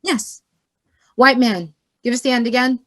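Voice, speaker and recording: A woman's voice: on the high side, unhurried, close to an everyday voice. A woman playing a blunt, directive actor who leads a rehearsal in a stage play. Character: bossy female actor leading the rehearsal.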